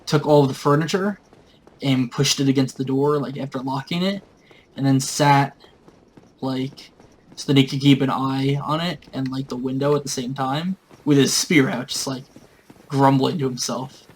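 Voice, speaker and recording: A man casually retelling a tabletop game session. He rambles, with lots of fillers, at a middling pitch. Faint background noise sits behind his voice. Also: fairly even intonation, normal speed, poor audio. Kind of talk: casual storytelling.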